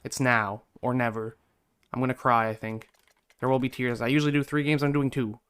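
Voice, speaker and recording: Young male gaming commentator, smooth clear voice, mid pitch; exasperated, hopeful one moment and deflated the next. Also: flat delivery, a little fast, fairly bright tone. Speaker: gaming YouTuber. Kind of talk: gameplay commentary.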